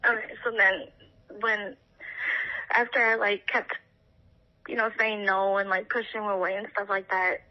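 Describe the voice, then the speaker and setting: A young woman tells her story haltingly, with fillers and restarts. Her voice sits mid-pitch. The recording is a bit dull and lo-fi. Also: little pitch movement. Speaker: interviewee, partner of the missing man. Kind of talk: emotional personal account.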